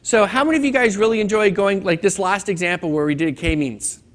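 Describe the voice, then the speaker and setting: At a conference training session, a man teaches a hands-on data class, talking casually to the room and cracking a corny joke in a classroom-lecture style. His voice sits high and his pace is brisk.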